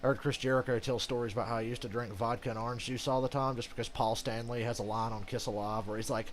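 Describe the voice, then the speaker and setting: A man's voice: mid-range voice, level tone, rapid-fire, few pauses, a crowd in the background. A man giving casual, rambling gameplay commentary as a channel host, ranting and swearing freely.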